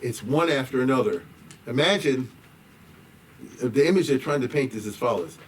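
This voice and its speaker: A rabbi explaining a liturgical poem to a class in a conversational way, with frequent asides and chuckles. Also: male voice, medium pitch, animated, moderate pace. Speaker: rabbi and teacher. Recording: distant mic with faint background noise.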